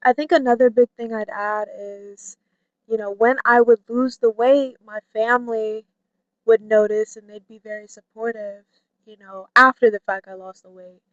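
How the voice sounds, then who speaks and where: Woman vlogger, candid chatty talk, fairly high voice, dry slightly dull audio. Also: fairly even intonation, normal speed, no echo. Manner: chatty, lots of "like" and "you know"; mimics friends in a high playful voice. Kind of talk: candid personal talk to camera.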